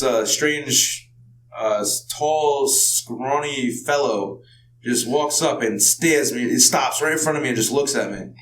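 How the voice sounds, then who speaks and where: A man's voice: mid-range voice, roomy sound, recorded from a distance, slight background noise, rough recording. A man co-hosting a podcast, telling a rambling story in casual chat. He laughs often and swears freely. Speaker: podcast co-host.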